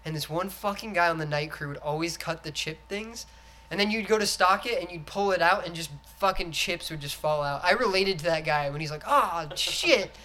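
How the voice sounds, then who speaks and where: Podcast co-host, man, bright voice, animated casual talk, acts out movie lines. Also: fairly high pitch, a little fast, a little hiss or hum. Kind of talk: casual chat.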